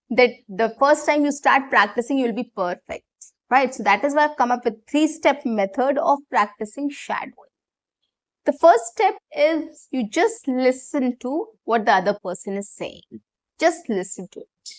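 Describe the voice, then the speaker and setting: A woman's voice: high voice, lively intonation, moderate pace. A woman teaching English online, explaining a technique step by step and often checking in with "okay" and "right".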